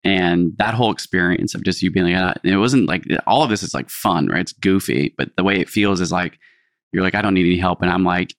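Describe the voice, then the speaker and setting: A man's voice: deep voice, a little fast, no room sound, clean studio sound. A man co-hosting a podcast, telling a story in an earnest, reflective way with lots of "like". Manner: reflective, earnest, heavy use of "like". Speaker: podcast co-host. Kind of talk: casual storytelling chat.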